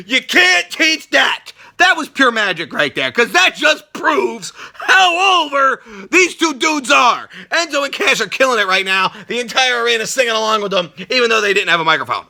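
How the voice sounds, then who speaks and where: A man hosting a wrestling reaction show, ranting loudly and sarcastically and swearing constantly. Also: extremely high pitch, big pitch swings, normal speed, hardly any pauses. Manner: loud, sarcastic, swears constantly, shouts often. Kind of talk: profane ranting review.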